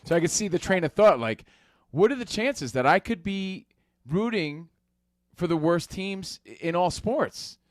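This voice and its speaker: Man, sports radio co-host, jokey interjections, lively pitch, dry studio. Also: no echo. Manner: joking, quick interjections. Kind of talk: sports talk radio banter.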